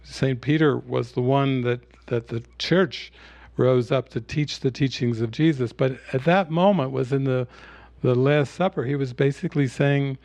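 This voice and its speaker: A man giving a spiritual teaching talk at an online retreat, retelling a film scene in a relaxed storytelling way. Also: medium pitch, moderate pace, creaky, no echo, muffled recording.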